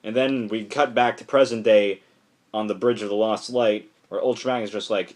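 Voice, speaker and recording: A man excitedly recapping a comic book issue in a casual, rambling way, full of "like" and restarts. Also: on the low side, normal speed. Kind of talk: casual enthusiastic plot recap.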